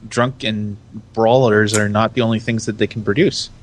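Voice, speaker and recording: A man's voice: on the low side, steady tone, slight background noise. Man, American, podcast host, jokey, casual chat. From United States. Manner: jokey, teasing, quick asides.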